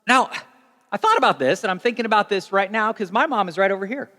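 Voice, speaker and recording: A young adult man preaching a sermon as pastor, telling stories in a conversational, animated way. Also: high voice, quick pace. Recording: long reverb of a large hall.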